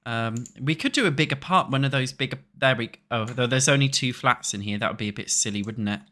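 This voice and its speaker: A young British streamer talks casually to his audience as he plays a building game, swearing freely along the way. His medium-pitched voice is brisk and sharp.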